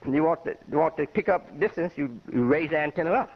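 A man's voice: a little high, expressive, fast talker. An older man from Chicago, an imam, giving a rambling, conversational lecture full of personal anecdotes. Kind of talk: informal spoken lecture. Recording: muffled lo-fi radio recording.

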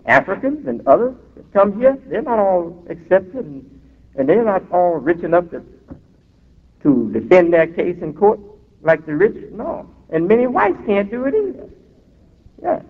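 This imam's sermon comes across high, very animated and creaky, emphatic and drawn-out with breaks for asides. The tinny recording carries the reverberation of a large hall.

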